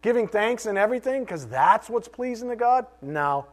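Lebhafter Pastor, hohe Stimme. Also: male voice, high-pitched, normal speed, few pauses. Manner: animated, rhetorical questions, joking asides. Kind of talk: sermon.

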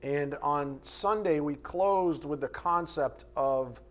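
A man's voice: fairly high pitch, takes it slowly. A male pastor preaching a sermon in a blunt, conversational way, with sarcastic asides.

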